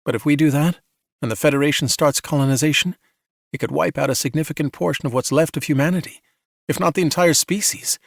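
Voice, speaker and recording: A man's voice: a little high, fast, gravelly, no echo, studio quality, voice pushed up. A man playing a male soldier who speaks steadily and reassuringly. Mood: earnest. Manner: earnest, reassuring.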